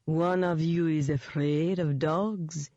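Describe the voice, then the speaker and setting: A woman voicing a menacing male shapeshifting demon with a honey-sweet, mocking London accent, taunting slowly in an audiobook. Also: deep voice, fairly even intonation, warm tone, no echo, highs cut off. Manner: slow, taunting. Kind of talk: audiobook character voice.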